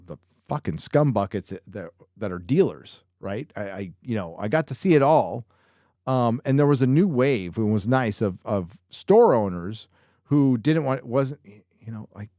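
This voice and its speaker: A man's voice: on the low side, mellow, dry recording, clean studio sound. A man hosting a live show, chatting casually and rambling through viewer questions with lots of swearing and jokes. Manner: profane, rambling, joking. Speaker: live show host answering viewer chat. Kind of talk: casual live-stream chat.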